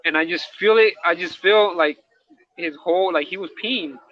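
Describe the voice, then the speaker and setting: Heard through dull lo-fi sound, a man co-hosts a candid, casual talk show at a moderate pace in a high voice. He rambles in slang, checks in with "right?" along the way, and is both a podcast co-host and an incarcerated dog trainer.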